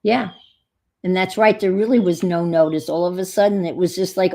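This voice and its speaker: Woman, livestream craft host, gravelly and husky, rambling casual chat. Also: fairly low pitch, fairly even intonation, normal speed, mellow. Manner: chatty, rambling, greets viewers by name.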